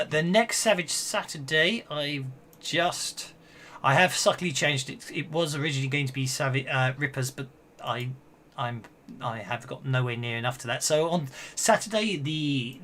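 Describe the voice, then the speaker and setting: A man wrapping up a tabletop game session as game master, talking in halting bursts full of fillers and restarts. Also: medium pitch, pushed and bright.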